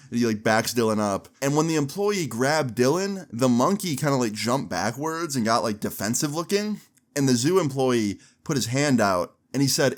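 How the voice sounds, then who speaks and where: A man in his twenties recounts a story in a casual storytime vlog. He is animated and slangy and swears freely, and his voice sits in a mid range. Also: mid-range voice, normal speed.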